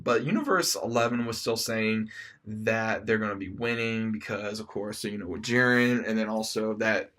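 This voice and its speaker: A man's voice: on the low side, fairly bright tone. A man casually recapping an anime episode as a reviewer, rambling play-by-play with lots of fillers and repeated "he says".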